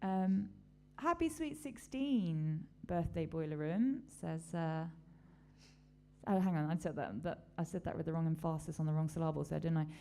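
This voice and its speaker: A woman's voice: deep voice, steady tone, moderate pace, vocal fry, dark tone. A woman hosting a casual live-stream chat, talking in a rambling, chatty way with lots of fillers. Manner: rambling, chatty, many fillers and little laughs. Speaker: host.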